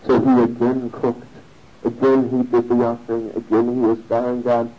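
A man telling a religious story in a sermon, animated and given to chuckling. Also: mid-range voice, moderate pace, faint music behind. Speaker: religious speaker. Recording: dull lo-fi recording.

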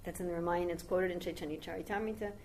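A woman's voice: fairly low pitch, fairly even intonation, very fast, darkish tone, slight background noise, low-quality recording. A woman giving a devotional talk as a spiritual teacher, telling a long story in a rambling, conversational way with asides to her listeners.

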